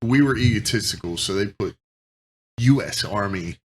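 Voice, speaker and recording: A man's voice: on the low side, lively intonation, normal speed, a little hiss or hum. A man co-hosting a casual chat, dropping dry wisecracks.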